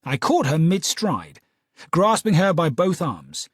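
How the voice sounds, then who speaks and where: A man narrating a story in a measured, expressive way. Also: on the high side, slightly rough, no echo, studio quality. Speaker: audiobook narrator. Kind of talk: scripted narration.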